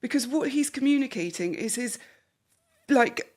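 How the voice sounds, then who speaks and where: A woman's voice: high-pitched, moderate pace. A woman counsellor hosting a podcast, talking a client through a coaching session and acting out the voices of the people she quotes. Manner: animated, acts out quoted voices. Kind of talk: therapy session conversation.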